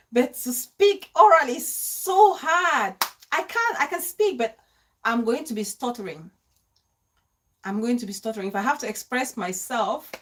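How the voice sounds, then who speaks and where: A woman hosting a live stream, warmly greeting viewers by name and talking into her phone. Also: sits high. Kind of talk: live stream chat reading comments.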